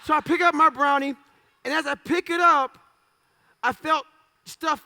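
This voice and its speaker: A man telling his life story as a motivational speaker, blunt and profane in punchy short phrases, now and then bursting out loudly. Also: very high-pitched, steady tone, unhurried, slight background noise. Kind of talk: storytelling talk.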